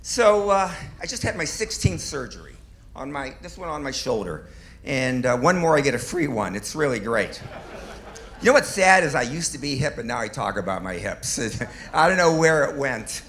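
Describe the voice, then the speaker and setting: A middle-aged man does stand-up into a stage mic. His voice is bright and forward, and it leaps around in pitch. He tells wry jokes at his own expense with a faint club hum behind him. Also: big pitch swings, moderate pace. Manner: wry, self-deprecating punchlines with chuckles. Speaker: stand-up comedian. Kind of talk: stand-up comedy set.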